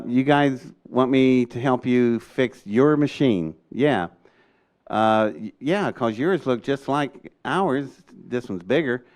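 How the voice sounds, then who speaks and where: Older man, animated storyteller, acts out quotes, smooth clear voice. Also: mid-range voice. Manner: acts out voices in quotes, excitable, laughs often. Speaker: storyteller recounting an experience.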